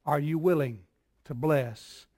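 A man preaching a sermon as pastor, building in repeated phrases and swinging from soft, low lines to loud cries. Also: slow, no echo, studio quality. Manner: preaching with call-and-response rhythm, dropping soft then shouting.

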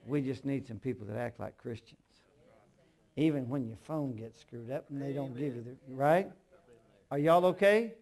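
Gravelly older preacher. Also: male voice, medium pitch, moderate pace. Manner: swings from hushed storytelling to loud emphatic outbursts, humorous asides. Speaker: pastor. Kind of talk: sermon.

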